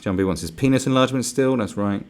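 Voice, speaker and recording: A man's voice: mid-range voice, quick pace, a little mellow. A man hosting a livestream, ranting sarcastically with lots of swearing. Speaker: livestream host. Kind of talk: livestream rant.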